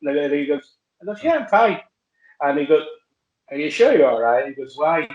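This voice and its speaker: A man telling wrestling stories in casual chat, halting with many fillers and restarts. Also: a little high, big pitch swings, lo-fi sound. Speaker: wrestler guest. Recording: roomy echo.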